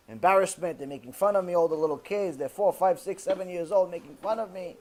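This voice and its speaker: A rabbi lecturing with a high-pitched voice. He tells his story in an animated, lively way and acts out each exchange of dialogue. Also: a little fast.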